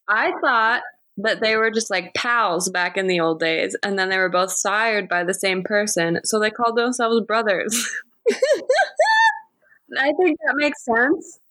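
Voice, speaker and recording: A woman's voice: medium pitch, slow, pauses often, no room sound. A woman co-hosting a casual podcast, giggly and defensive in a playful way. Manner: giggly, animated, swings up and down. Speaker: podcast co-host.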